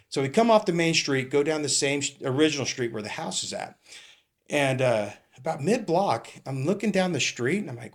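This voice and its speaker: Animated retired cop telling stories. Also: male voice, mid-range voice, fairly quick. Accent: Californian. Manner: animated, laughing, acting out dialogue. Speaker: retired police captain, guest. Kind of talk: casual storytelling.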